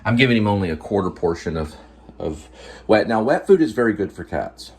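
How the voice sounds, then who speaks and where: A man hosts a relaxed cooking and pet vlog from home, eating as he talks and rambling easily with lots of filler words. His lowish voice is animated and brisk, with a darkish, slightly rough tone.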